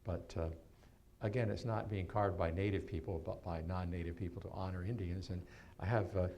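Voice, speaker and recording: A man in his seventies from New York, giving a keynote talk as a storyteller and telling stories with animated swings and laughter. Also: sits low, brisk. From New York, USA. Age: 70s.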